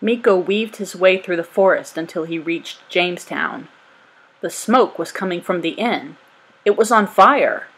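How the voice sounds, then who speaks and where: Woman, storybook read-aloud, husky, low voice, even delivery. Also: measured pace, rough recording. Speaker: storybook reader.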